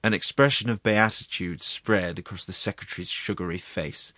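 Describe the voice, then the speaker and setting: A man narrates a classic story in a low, measured voice with a deadpan touch. He sits close to a studio mic, and the sound is dry with no room echo. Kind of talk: audiobook narration.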